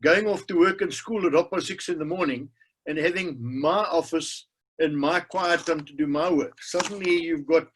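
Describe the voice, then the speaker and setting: Husky older man. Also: fairly high pitch, poor audio. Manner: wry, unhurried storytelling. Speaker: webinar participant. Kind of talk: casual personal anecdote. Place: home.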